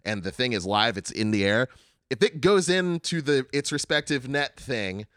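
A man's voice: mid-range voice, normal speed, no room sound, clean studio sound. A man co-hosting a podcast, casually and animatedly chatting about video games and swearing freely. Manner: animated, swears freely, acts out game lines. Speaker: podcast co-host.

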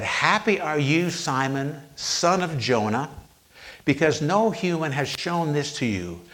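A man preaching a sermon, retelling scripture with slow, emphatic pauses on quoted lines. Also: medium pitch, a bit bright.

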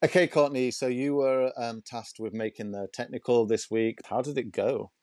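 A man's voice: mid-range voice, fairly even intonation, moderate pace, darkish tone. A man co-hosting a casual chat in a teasing, wry way. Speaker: podcast co-host.

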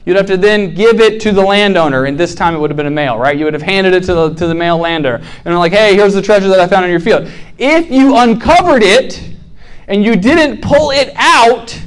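A young man preaching to college students, telling a parable with lively acted-out voices and lots of "right?" and "like". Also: high voice, fairly quick. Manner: animated storytelling, acts out characters, frequent "right?" and "like". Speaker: campus ministry preacher.

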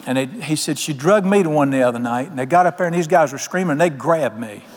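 A man's voice: on the high side, expressive, fast talker. A man preaching a sermon as pastor, telling homespun stories and asking his congregation questions. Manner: folksy storytelling preacher, quotes people in voices, asks the congregation questions. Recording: long hall reverb.

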